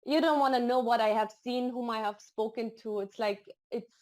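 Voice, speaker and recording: A woman's voice: on the high side, fairly even intonation, moderate pace. A woman guest on a podcast, chatting casually and telling stories with emotion and enthusiasm. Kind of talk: casual interview chat.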